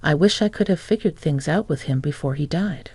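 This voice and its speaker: A woman's voice: low-pitched, brisk, mellow, slightly rough, no echo. A woman voicing a grieving young man, angry and remorseful, in a plain storybook reading.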